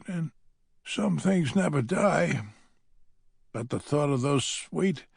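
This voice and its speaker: A man's voice: mid-range voice, creaky, breathy edge, no echo, studio quality. A man narrating an audiobook in the first person, with a wry, grumbling manner.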